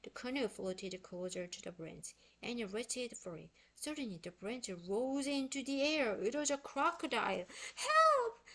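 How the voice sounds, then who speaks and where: A woman reading a children's book aloud in expressive, unhurried storytelling; her first language is Korean. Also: fairly high pitch. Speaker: book reader.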